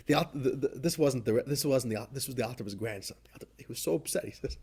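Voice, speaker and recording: A man, a rabbi, giving an animated class on a religious text, often repeating himself and swelling into loud emphatic bursts. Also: mid-range voice, fast talker, breathy edge. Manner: rises to loud emphatic bursts when quoting, laughs often; repeats words and restarts phrases while thinking. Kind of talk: animated Torah class lecture.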